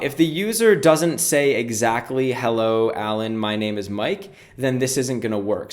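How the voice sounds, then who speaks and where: A man teaching programming in a screen-recorded tutorial, talking casually and explaining each step as he goes. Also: medium pitch. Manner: casual, explanatory, walks through steps aloud. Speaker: programming instructor.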